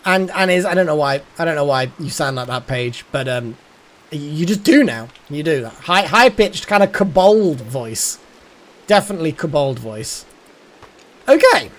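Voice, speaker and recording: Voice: medium pitch, big pitch swings, normal speed. A streamer giving live gameplay commentary, thinking aloud, muttering and swearing at the game.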